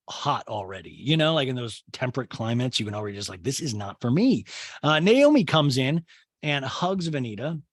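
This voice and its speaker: A man's voice: mid-range voice, slightly rough, no echo. Chatty, sarcastic man recapping TV. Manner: chatty and sarcastic, jumping into quick voices and asides. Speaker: podcast host recapping a reality show. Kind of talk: casual comedic recap commentary.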